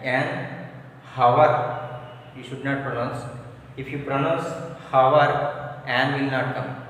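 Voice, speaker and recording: Slow teacher, echoey hall. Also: male voice, medium pitch, steady tone, fairly bright tone. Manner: slow, repetitive, drills letters aloud. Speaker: English teacher. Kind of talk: classroom grammar lesson. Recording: echoey hall from far off, faint noise.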